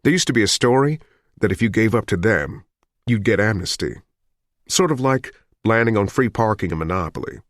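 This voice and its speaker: Reader as a calm, calculating fugitive, deep and terse. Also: male voice, normal speed, no echo, studio quality. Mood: tense. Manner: quiet, clipped, controlled. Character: hunted wounded man, cool and calculating. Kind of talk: audiobook character voice.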